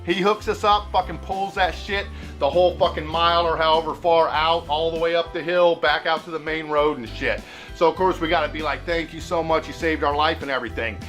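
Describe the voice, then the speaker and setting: A man's voice: on the high side, fairly even intonation, fairly quick, fairly bright tone, faint music behind. A man from Seattle telling a story casually, laid-back and cussing a lot, chuckling as he goes. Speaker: host.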